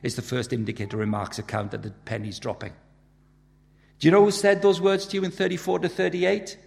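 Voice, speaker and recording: Male preacher, gravelly, urgent and emphatic, long echo of a big hall. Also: a little high, flat delivery, fairly quick. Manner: urgent, emphatic preaching with sharp swings in loudness. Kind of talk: sermon.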